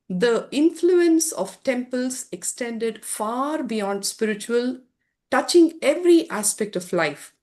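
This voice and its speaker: Slow earnest woman presenting slides. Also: a little high, a little mellow. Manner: slow, earnest lecturing with fillers. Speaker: presenter at a summit session. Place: conference room.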